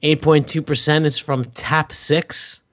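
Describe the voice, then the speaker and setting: A man co-hosts a relaxed podcast, speaking slowly in a slightly high voice. He teases his partner and drawls, with hesitant fillers. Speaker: podcast co-host. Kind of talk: casual podcast banter.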